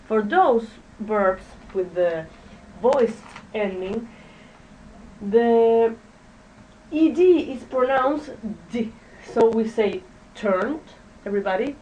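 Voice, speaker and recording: A woman teaching an English pronunciation lesson to a classroom, speaking haltingly, drilling words and checking in with "okay?" as the class repeats after her. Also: a little high, mellow, muffled recording. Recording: distant mic with faint background noise.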